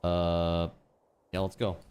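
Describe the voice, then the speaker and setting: A male streamer with a fairly low voice chats easily with his viewers as he plays. His talk is loose and relaxed, full of small asides and frequent laughs. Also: slow pace, clean tone. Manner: chatty and easygoing, laughs often, talks to chat. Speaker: game streamer. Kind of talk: casual live-stream chat while gaming.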